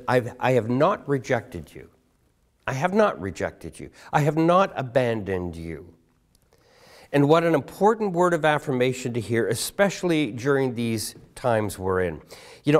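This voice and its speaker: A male pastor delivers a sermon to his congregation, his pitch rising and falling in wide, animated swings. He drops his pace to press on key words and keeps asking the listeners questions directly. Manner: emphatic, rhetorical questions to congregation; slows down to stress key words. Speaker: guest pastor.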